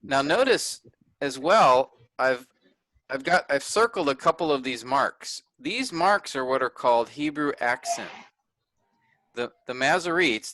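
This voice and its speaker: Man, teacher, video-call lecture, slow and patient, bright voice, checks in with listeners. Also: medium pitch, no room sound. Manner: patient, often checks understanding. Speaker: Bible teacher. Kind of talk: online workshop lecture.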